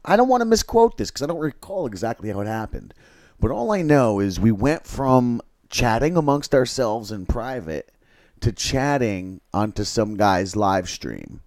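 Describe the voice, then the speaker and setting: A man hosting a livestream, telling a long, halting, rambling story with crude swearing. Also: lowish voice, darkish tone, dry recording, clean studio sound. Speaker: livestream host.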